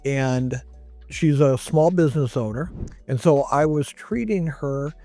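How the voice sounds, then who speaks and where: A male chiropractor tells a patient's story in a conversational monologue, his voice warm, on the high side, and a little slow. He acts out what other people said, quoting them in raised voices, while soft music plays in the background.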